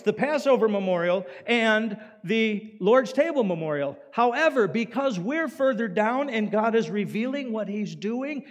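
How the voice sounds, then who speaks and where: A male pastor preaching a sermon in an animated way, swinging from loud emphasis down to quiet. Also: high-pitched. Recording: long hall reverb.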